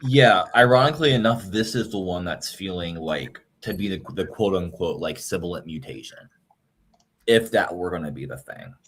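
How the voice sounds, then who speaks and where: A man co-hosting a casual chat, joking playfully with lively swings in his voice. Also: deep voice, normal speed, slight background noise. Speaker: podcast co-host. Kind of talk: casual chat about language building.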